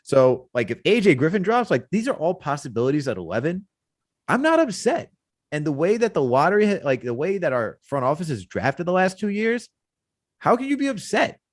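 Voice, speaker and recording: A male podcast co-host, talking sports in a casual, animated, rambling way. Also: brisk, dry recording, clean studio sound. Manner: animated, rambling, jumps in pitch when excited.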